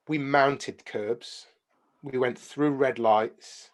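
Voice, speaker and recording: A man, a podcast guest, telling animated travel anecdotes in casual chat. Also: mid-range voice, unhurried. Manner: animated anecdotes, hums tunes.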